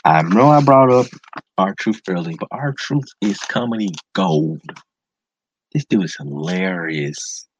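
Male podcast host, casual and slangy, excitable, husky low voice, lo-fi mic. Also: slow pace. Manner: enthusiastic, slangy, repeats words for emphasis. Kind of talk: casual solo podcast commentary. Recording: dull lo-fi sound, dry close mic.

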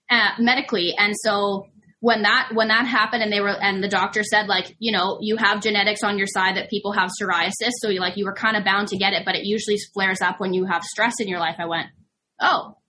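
Chatty woman with a bright voice. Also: medium pitch, slight background noise. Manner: chatty, heavy use of "like", laughs easily. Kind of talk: casual conversation.

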